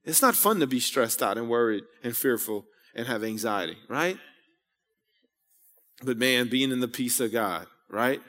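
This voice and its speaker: A man's voice: mid-range voice, expressive, a little slow, sharp tone, long reverb tail. A man in his thirties preaching a sermon, conversational and rambling, full of asides and rhetorical questions. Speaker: pastor. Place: church sanctuary.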